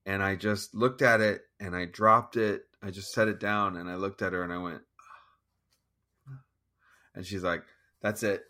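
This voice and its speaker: A man telling a personal story in an interview, halting and restarting as he acts out his own thoughts. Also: low-pitched, steady tone, sharp tone. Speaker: guest musician. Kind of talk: conversational storytelling.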